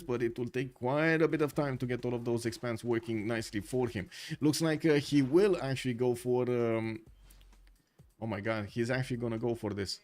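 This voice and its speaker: A man's voice: mid-range voice, a little mellow. A man giving live stream commentary on a strategy game, chatty and thinking aloud with many fillers. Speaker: game caster.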